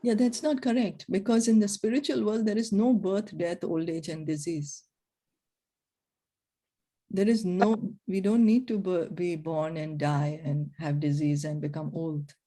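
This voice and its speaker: Low mellow-voiced woman teaching scripture. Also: fairly even intonation, measured pace. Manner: explanatory, tells stories with gentle emphasis. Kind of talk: scripture reading and explanation.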